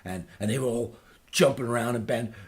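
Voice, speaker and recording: A man's voice: medium pitch, fairly quick, natural voice. A man playing a rambling Liverpool punk singer. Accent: Liverpool English. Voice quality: rambling, hesitant, full of fillers. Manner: bursts into loud ranting. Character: boastful aging male British punk singer. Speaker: guest radio host playing records. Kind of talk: comic radio character chat.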